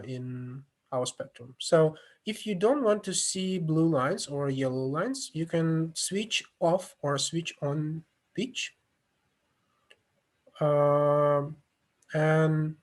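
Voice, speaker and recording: Male lecturer, slow and halting, slightly raised pitch, teaching over a video call. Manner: halting, many fillers and restarts, non-native phrasing. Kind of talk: online lecture with screen demo.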